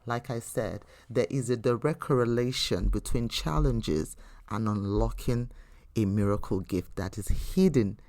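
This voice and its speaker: A woman's voice: very deep voice, a little slow, mellow. A woman hosting a faith teaching podcast who talks earnestly and conversationally, telling personal stories with frequent restarts. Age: adult. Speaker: podcast host.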